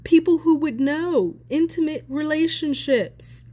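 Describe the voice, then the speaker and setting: Speaking a little slowly in a high, mellow voice, a commentary vlogger reacts casually on her own channel. Her tone is heated and sarcastic, with hard swearing for emphasis and sarcastic asides.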